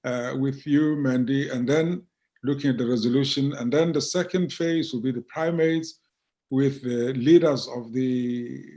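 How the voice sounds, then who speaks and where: Halting South African archbishop, man. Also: medium pitch, mellow. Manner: halting, repeats words, many fillers. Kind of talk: conversational interview.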